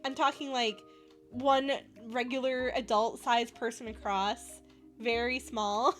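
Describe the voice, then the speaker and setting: A bubbly young woman from Canada chatting casually with her stream chat, giggling often and gushing over cute things. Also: high voice.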